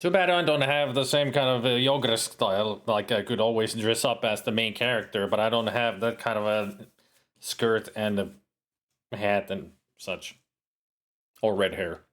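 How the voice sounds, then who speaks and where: Speaking in a lowish voice at a measured pace, this streamer offers casual let's-play commentary on a retro adventure game. He's chatty, animated, and full of jokes as he plays.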